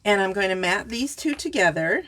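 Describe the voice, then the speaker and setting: A woman's voice: mid-range voice, animated, normal speed, fairly bright tone. A woman giving a casual card-making tutorial, chatty and self-correcting, talking straight to her viewers as she works. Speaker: papercraft demonstrator.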